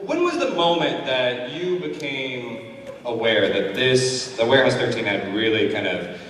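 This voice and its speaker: A man's voice: mid-range voice, animated, a little slow, fairly bright tone. A man moderating a convention panel, asking the guest a question with some hesitation. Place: large convention hall. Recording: echoey hall mic from far off.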